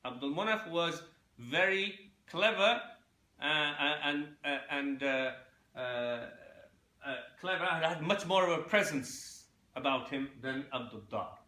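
Halting man lecturing in an echoey room. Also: fairly high pitch, animated, bright, forceful tone. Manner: halting, repeats words and fillers; checks in with listeners, asking "yeah?". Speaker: Islamic history teacher. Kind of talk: informal lecture on lineage.

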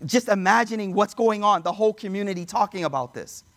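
High-voiced conversational male preacher. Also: fast talker, a bit bright. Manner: conversational, addresses audience as y'all, quotes Arabic. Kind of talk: sermon storytelling.

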